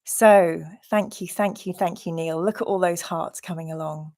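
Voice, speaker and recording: A woman's voice: lowish voice, steady tone, normal speed, dark tone. A woman hosting a live game stream, gushingly thanking viewers and reading out their comments.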